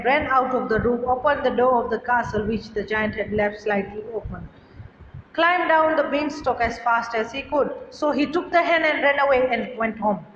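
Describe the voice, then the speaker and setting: A woman's voice: fairly high pitch, fairly bright tone, slight background noise. Woman teacher in an echoey hall. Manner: reads a line then paraphrases it simply. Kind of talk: reading a story and explaining it in a lesson. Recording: echoey hall, dull lo-fi sound.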